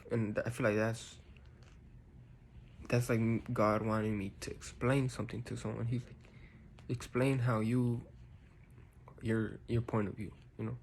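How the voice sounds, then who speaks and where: A man's voice: mid-range voice, vocal fry, a little mellow, slight background noise. A man talking casually and reflectively to his viewers, rambling with many fillers like "you know" and "like". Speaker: vlogger. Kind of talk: casual personal talk to camera.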